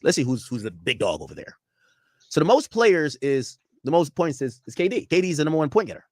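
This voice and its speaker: A man's voice: on the high side, fast, no room sound, studio quality. A young man streaming a casual reaction, rambling and swearing freely as he riffs to his chat. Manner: animated, profane, rambling banter with chat.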